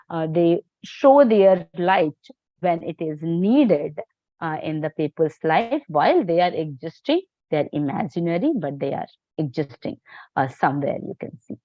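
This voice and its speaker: A woman teaching a live astrology class, talking in halting phrases full of fillers and restarts. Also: on the low side, no echo, highs cut off. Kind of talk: live online class lecture.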